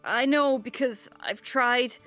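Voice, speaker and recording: High, giggly woman playing a character. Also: slow pace, sharp tone, faint music behind. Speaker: player. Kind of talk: tabletop role-play.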